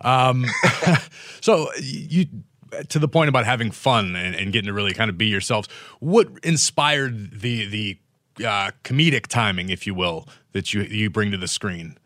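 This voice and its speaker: A man's voice: fairly low pitch, animated, a little slow, a bit bright, no room sound, clean studio sound. A man interviewing a guest with wry, joking asides. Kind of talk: casual interview.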